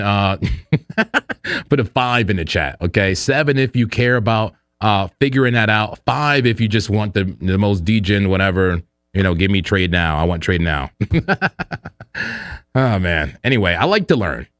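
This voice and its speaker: A man's voice: lowish voice, no echo, studio quality. A man hosting a crypto trading livestream, chatting casually and animatedly, joking often. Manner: animated and joking, with frequent fillers and laughs. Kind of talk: casual live-stream chat.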